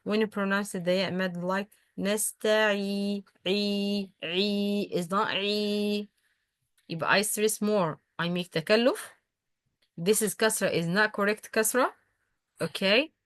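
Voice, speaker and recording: A woman whose first language is Arabic teaching a recitation lesson, patient, slowly repeating example words with frequent hesitations. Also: medium pitch, a bit bright, dry recording. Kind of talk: online tajweed lesson.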